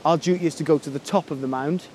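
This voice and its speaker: Fast-talking deadpan man. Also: a little high, slight background noise. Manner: deadpan, earnest about absurd ideas. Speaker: comedy host. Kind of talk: mock-serious comic banter.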